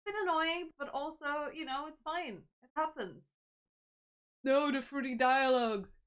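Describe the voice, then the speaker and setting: A woman's voice: high voice, a little slow. A woman streamer chatting casually over gameplay, rambling and self-deprecating, with many fillers. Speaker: game streamer.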